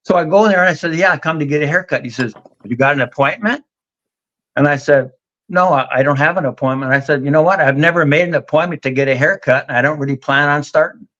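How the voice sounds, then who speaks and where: A man's voice: a little high, fast talker, fairly bright tone, muffled recording. A middle-aged man, telling a long story in a folksy, drawling way on a casual talk show. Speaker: guest on a vinyl community live show.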